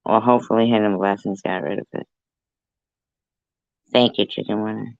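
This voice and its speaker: A man delivering a profane, taunting rant straight to the camera, slow and deliberate. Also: lowish voice, steady tone, gravelly, no echo, lo-fi sound.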